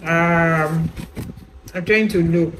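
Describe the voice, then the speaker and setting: A woman's voice: fairly low pitch, fairly even intonation, very slow, a little hiss or hum, rough recording. A woman chatting casually about a skincare product, rambling and often asking viewers whether they follow her. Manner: chatty, rambling, with many repeated "you know" fillers; addresses viewers directly, asks if they understand. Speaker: beauty product reviewer. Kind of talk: casual product review vlog.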